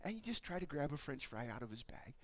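A man preaching a sermon, telling stories in an animated way and acting out the voices of the people in them. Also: fairly high pitch, fast. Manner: animated storytelling, acts out voices. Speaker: pastor.

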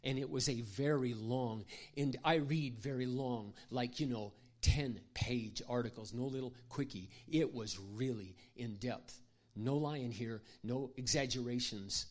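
A man with a mid-range voice speaks to a room of mothers in a folksy, joking manner. He acts out everyday scenes as he goes and keeps clearing his throat between thoughts. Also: mid-range voice, unhurried. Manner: folksy, humorous storytelling with acted-out demonstrations. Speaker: Christian parenting speaker. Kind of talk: live talk to an audience of mothers.

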